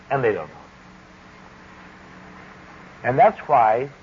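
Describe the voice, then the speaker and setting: Man giving a wry, deliberate recovery talk. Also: medium pitch. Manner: deliberate, wry, emphatic speaking. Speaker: speaker at a recovery gathering. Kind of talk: personal testimony talk. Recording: dull lo-fi recording with faint hiss.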